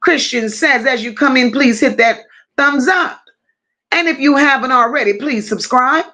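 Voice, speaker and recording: A woman hosting a casual livestream, greeting her chat one by one with drawling, affectionate shout-outs. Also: high voice, normal speed. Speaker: livestream host.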